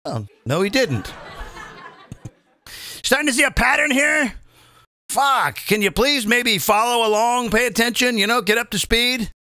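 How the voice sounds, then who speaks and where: A man's voice: very high voice, lively intonation, a little slow, long pauses, sharp tone, no room sound, studio quality. A male comedian hosting, delivering a profane, combative political rant and often asking the audience to agree. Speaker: comedian host.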